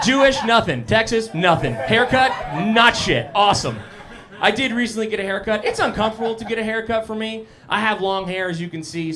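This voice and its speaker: A man's voice: sits high, a bit bright. A young man performing a live stand-up set, chatting casually with the crowd in a self-deprecating way. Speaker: stand-up comedian. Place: live comedy cafe stage.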